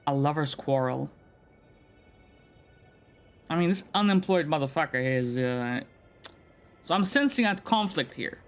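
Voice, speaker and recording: Guy streaming a game, swears a lot, jokey, music low behind him. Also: lively intonation, unhurried, pauses often. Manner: profane, joking. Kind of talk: casual gameplay commentary.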